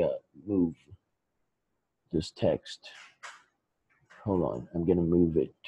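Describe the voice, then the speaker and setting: A man teaching English grammar in a screen-recorded lesson, patient and slow, repeating each example. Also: lowish voice, warm tone, husky, no echo, lo-fi sound.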